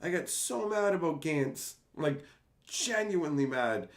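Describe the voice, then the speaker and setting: Man, stream rant, higher voice, very lively pitch, casual, swears. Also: a little slow. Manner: animated, ranting, laughing, swearing. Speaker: streamer reading chat.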